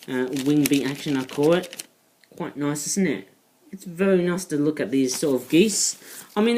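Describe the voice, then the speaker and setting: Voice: medium pitch, darkish tone, a little hiss or hum, rough recording. Rambling British toy reviewer. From United Kingdom. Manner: rambling, digressive, with frequent asides. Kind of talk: casual vlog review.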